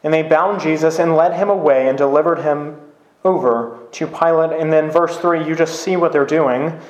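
Man, pastor, conversational sermon, fairly high voice, frequent "right?" questions, echoey room. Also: moderate pace, darkish tone, muffled recording.

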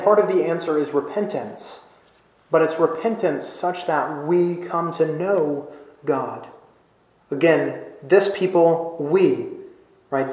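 A man preaching a sermon as pastor, earnest and explanatory, often checking in with his listeners with a quick "right?". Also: fairly high pitch, a little mellow, reverberant, poor audio.

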